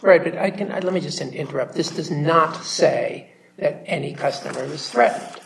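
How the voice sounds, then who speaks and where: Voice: mid-range voice, normal speed, gravelly, slight background noise. An appellate judge who cuts in to explain the law firmly to counsel. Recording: voice picked up from a distance.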